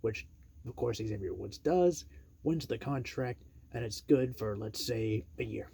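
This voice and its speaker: A man casually pitching an imagined storyline, rambling and acting out quotes in a raised voice. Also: measured pace, gravelly, mellow, a little hiss or hum.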